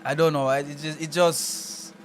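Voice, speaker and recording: A young Jamaican man co-hosting a casual podcast chat, easygoing and quick to laugh. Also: on the high side, level tone, loud music behind the voice. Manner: easygoing, laughs often, thoughtful. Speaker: podcast co-host.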